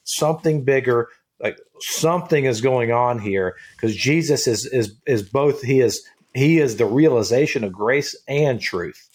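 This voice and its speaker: Man, husky voice, casual Bible study chat, animated, repeats himself. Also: mid-range voice, unhurried. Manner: animated, repeats words and restarts often. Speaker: co-host of a Bible discussion podcast.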